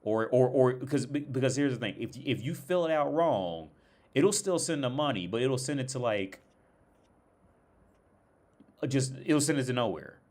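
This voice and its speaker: A man's voice: mid-range voice, expressive, normal speed, long pauses, darkish tone. A young American man tells a rambling, profane story in a casual rant, full of restarts and exasperation. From United States. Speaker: streamer.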